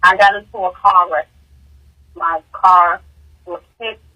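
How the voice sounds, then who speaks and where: A woman, a grieving mother, giving emotional personal testimony in an interview, halting and repeating words, her voice rising high in distress. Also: fairly even intonation, bright, forceful tone, husky, rough recording.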